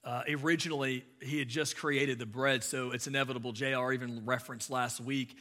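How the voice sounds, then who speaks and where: Pastor, male, bright and forceful delivery, conversational sermon with loud emphatic peaks. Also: mid-range voice, fairly even intonation, fairly quick, big-room sound.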